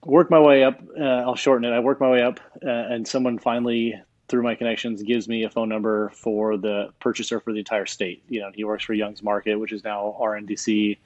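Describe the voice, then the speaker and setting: A man with a fairly low voice tells a story in a casual interview and acts out the other people in it. The sound is dry and a little dull, like a lo-fi remote line. He is a chef from Hawaii. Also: little pitch movement, a little fast, no echo. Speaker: chef and guest.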